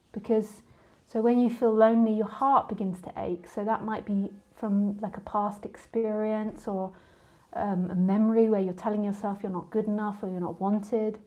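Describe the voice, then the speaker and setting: Mellow-voiced woman chatting loosely as a teacher. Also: mid-range voice. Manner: chatty, rambling, laughs easily, goes off on tangents. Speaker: spiritual teacher. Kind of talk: casual live talk answering listeners.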